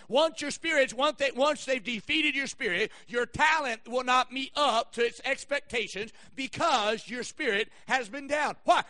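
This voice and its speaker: A man pastor delivering a sermon with emphatic preaching, rising to shouted peaks and dropping to quiet asides. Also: very high-pitched.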